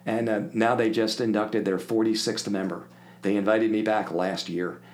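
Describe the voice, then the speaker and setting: Older man telling lively stories, lowish voice. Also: normal speed. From Philadelphia area. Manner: animated anecdote-telling, acts out quoted voices. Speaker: podcast guest. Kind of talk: casual storytelling.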